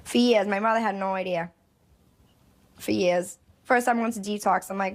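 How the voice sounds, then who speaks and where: A woman's voice: mid-range voice, normal speed, long pauses. A woman in recovery telling her story in an interview, acting out the dialogue she quotes. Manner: animated, acts out quoted dialogue. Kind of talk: candid interview.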